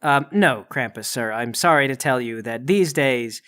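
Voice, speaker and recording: A man's voice: medium pitch, normal speed, a bit bright. A man playing his character in a comedic tabletop game, speaking in an overly polite, formal way. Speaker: player.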